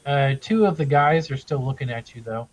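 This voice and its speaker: A man's voice: mid-range voice, expressive, normal speed. A man running a tabletop game, narrating casually in a rambling way, with swearing. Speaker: game master. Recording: muffled with background music.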